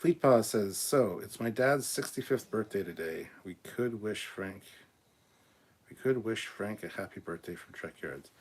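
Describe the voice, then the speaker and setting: A man hosting a live stream, reading out viewer comments and giving blunt, opinionated answers, often clearing his throat and stumbling over words. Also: fairly low pitch, animated, normal speed. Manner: blunt and opinionated, swears casually. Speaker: host of a live show.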